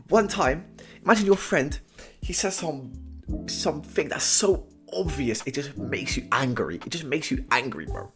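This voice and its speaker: A young British man ranking phrases in casual comedy commentary, full of slang and "bro", veering from low mumbles to sudden shouted verdicts. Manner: slangy and animated, keeps saying "bro", swings from mumbling to shouting. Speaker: tier list host.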